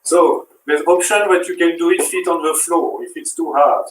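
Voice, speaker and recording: A man with a French accent leads a workout, counting reps and coaching as he moves. His voice sits a little high. It sounds echoey and distant, as if he is far from the mic in a bare room. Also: normal speed, a little hiss or hum. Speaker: fitness instructor. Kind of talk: live workout demonstration.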